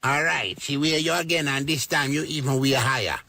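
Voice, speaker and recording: A man's voice: mid-range voice, moderate pace, vocal fry, sharp tone, dry recording, studio quality. A man dubbing a mocking Jamaican doctor. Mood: scolding. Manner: scolding, mocking, blunt. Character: blunt mocking male weight-loss doctor. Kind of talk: comedic dub.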